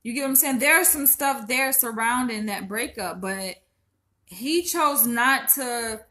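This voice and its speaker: A woman's voice: on the high side, measured pace, bright, forceful tone. A woman in her twenties from Florida, venting to her viewers in a casual, profane, emotional way and fighting back tears. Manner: emotional, profane, talks straight to viewers as "y'all". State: upset, holding back tears. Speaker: vlogger.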